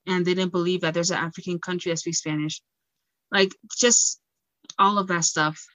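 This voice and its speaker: A young woman from Equatorial Guinea, a pageant titleholder and singer, chatting in an interview with frequent laughter and animated storytelling. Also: fairly low pitch, normal speed, no echo. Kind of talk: casual interview chat.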